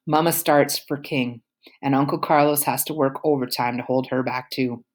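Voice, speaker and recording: A woman's voice: very deep voice, flat delivery, a little fast. A woman reading a novel aloud, with occasional whispered asides. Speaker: audiobook reader.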